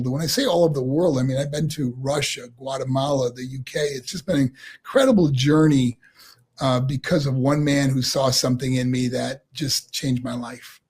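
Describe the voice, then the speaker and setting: Husky middle-aged man, laughing storyteller. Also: medium pitch. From New York. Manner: animated, laughs often while telling stories. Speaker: guest, former pro wrestler. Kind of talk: casual interview storytelling.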